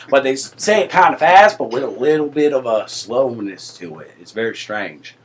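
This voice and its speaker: A man's voice: mid-range voice, animated, normal speed, hardly any pauses. A man co-hosting a casual chat show, talking loosely, joking, swearing and laughing often. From East Coast of the United States. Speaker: co-host.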